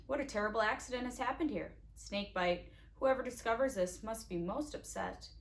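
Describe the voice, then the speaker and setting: A woman's voice: on the high side, moderate pace, slight background noise, natural voice. A woman doing a sneering male villain. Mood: mock sorrow. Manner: mocking and threatening.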